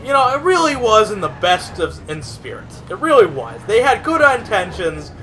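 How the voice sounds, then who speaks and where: A man's voice: sits high, sing-song, normal speed, bright, forceful tone, soft background music. A young man co-hosting a gaming video, rambling through a profane, laughing story while he plays. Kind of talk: casual gameplay commentary.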